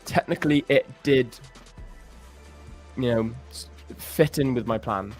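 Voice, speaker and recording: A young British man co-hosting a live trading stream in casual chat, animated and laughing often. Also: medium pitch, unhurried, faint music behind. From Britain.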